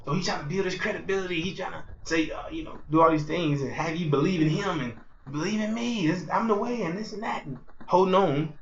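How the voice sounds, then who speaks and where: A man with a high voice preaches in a fiery, repetitive way, keeps asking his listeners if they see, and swings from shouting bursts to quiet mutters. The recording is dull and lo-fi, with a faint hiss underneath. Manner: swings between loud outbursts and low murmurs. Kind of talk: fiery street sermon.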